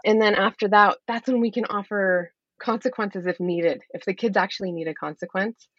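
A woman's voice: mid-range voice, normal speed, no echo, dull audio. A middle-aged woman who coaches parents, speaking openly and earnestly in a podcast interview, explaining with light laughs.

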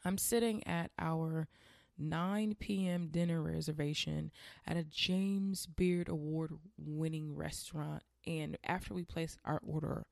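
Candid podcast host, woman, 30s, low gravelly voice, dry sound. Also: darkish tone, dry recording. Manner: candid, chatty, addresses listeners directly. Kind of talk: personal reflective monologue.

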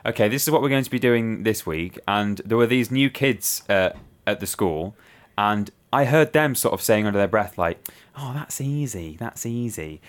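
A man's voice: lowish voice, normal speed. A man co-hosting a podcast, telling school stories in casual chat and acting out the voices of the people in them. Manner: animated storyteller acting out quotes. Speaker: podcast co-host.

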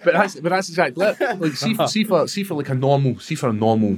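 A man's voice: a little high, expressive, fast. A Scottish man in his thirties, a fighter chatting casually, swearing a lot and acting out voices in his stories. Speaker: UFC fighter, guest. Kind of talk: casual chat.

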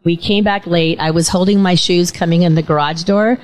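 Chatty middle-aged woman host, lowish voice. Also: fairly even intonation, brisk, poor audio. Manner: chatty, warm storytelling with occasional stutter. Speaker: talk show host. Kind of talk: casual interview chat.

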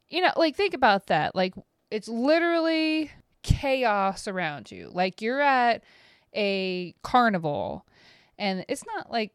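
A middle-aged woman hosting a podcast alone, rambling and self-mocking in casual talk, swearing freely, recorded on a close mic in a quiet room at home. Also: a little high, sing-song, takes it slowly, clean tone, no room sound. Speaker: podcast host. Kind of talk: casual solo podcast monologue.

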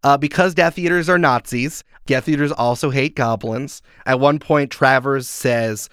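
A man talking casually on a podcast, animated and full of "like" fillers. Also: mid-range voice, measured pace, few pauses, smooth, dry recording, studio quality. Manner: animated, uses many "like" fillers, acts out quotes. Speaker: podcast guest.

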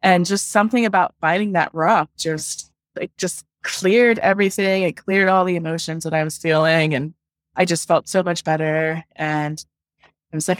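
A woman's voice: lowish voice, fairly even intonation, normal speed, no echo, studio quality. A woman working as a love coach, telling her story in a casual interview, chatty and full of "like", acting out her own past thoughts.

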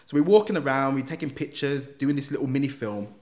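A man, a podcast guest telling his life story in animated street slang. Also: mid-range voice, quick pace. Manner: animated, slangy, acts out voices. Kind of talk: emotional personal storytelling.

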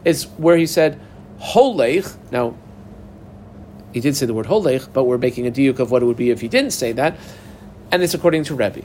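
A man's voice: mid-range voice, expressive, normal speed, long pauses, darkish tone, slight background noise. A man teaching a Talmud lesson, walking through the text step by step and asking and answering his own questions. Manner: explains step by step, quotes Aramaic and Hebrew terms. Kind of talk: daf yomi Talmud lesson.

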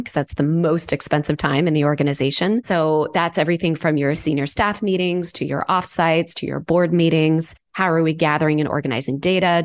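A woman in her forties, a guest consultant giving articulate, lively interview answers and laughing easily. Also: low-pitched.

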